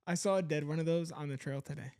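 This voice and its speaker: A man dropping teasing remarks into a casual conversation and laughing along. His voice sits a little high for a man. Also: fast talker, darkish tone. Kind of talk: casual chat.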